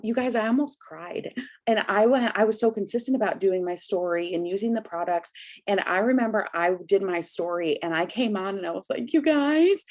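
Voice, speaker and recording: A woman in her thirties rallies her team on a video call, emphatic and energetic. She keeps calling her listeners "you guys" and leans hard on her key points. The sound is a plain home-computer call. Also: medium pitch. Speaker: host of a business product call. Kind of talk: motivational pep talk on a video call.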